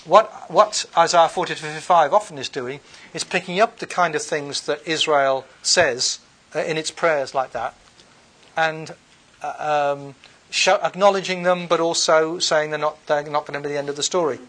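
A man, his voice set a little high, gives an unscripted bible lecture. He reads passages aloud and then talks them through in a loose, conversational way, often pausing on ums and uhs and restarting his sentences. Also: fairly bright tone. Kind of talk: unscripted lecture with scripture readings.

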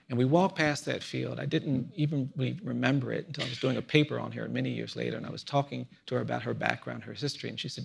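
A man in his fifties speaking earnestly in a reflective conversation, telling personal stories in a measured way that often drops to a hushed, low voice. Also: steady tone, gravelly, breathy edge. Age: 50s. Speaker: guest speaker.

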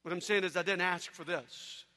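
A man preaching an energetic sermon, telling stories with animated shouts and sudden hushed drops. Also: sits high, moderate pace, long reverb tail. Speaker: evangelist speaker.

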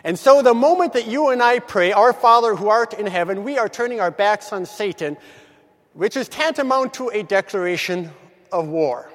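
A man giving a morning devotional reflection, measured and emphatic, slowly stretching key words. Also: high voice, lively intonation, in a large hall.

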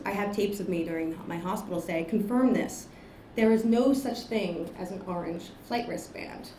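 A woman's voice: mid-range voice, darkish tone, a little hiss or hum. A woman author reading aloud from her memoir to a lecture audience. Between passages she speaks hesitantly, with many fillers and restarts. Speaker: author speaking at grand rounds. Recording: roomy echo.

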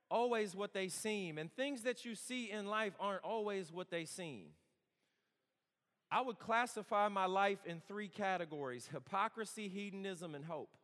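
This recording, drenched in long hall reverb, features a man in his thirties whose voice sits high and sounds fairly bright. Speaking at a campus worship gathering, he tells stories in a sermon that feels conversational and sincere, with some humor mixed in.

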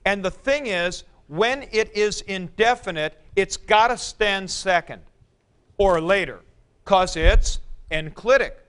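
A man teaching a Greek grammar class in a classroom, explaining slowly and calling on students by name. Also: sits high, fairly bright tone, clean tone. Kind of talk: classroom lecture.

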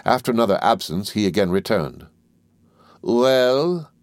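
A man narrating a classic novel as an audiobook reader in a measured, even delivery. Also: low voice, no echo.

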